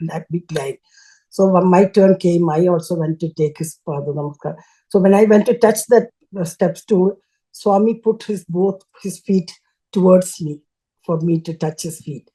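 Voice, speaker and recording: An older woman shares a personal devotional story as a guest. Her voice sits low and has a soft, mellow warmth. She speaks haltingly, breaking off mid-phrase and restarting as she looks for the right word. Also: rough recording. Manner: halting, searching for words with frequent restarts. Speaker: guest sharing a devotional testimony.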